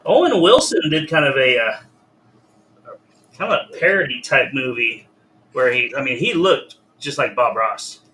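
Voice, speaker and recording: A man's voice: medium pitch, lively intonation, normal speed, bright, forceful tone, a little hiss or hum, low-quality recording. A man who is a guest artist on a live drawing stream, talking casually and muttering to himself as he works. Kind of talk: casual chat while drawing.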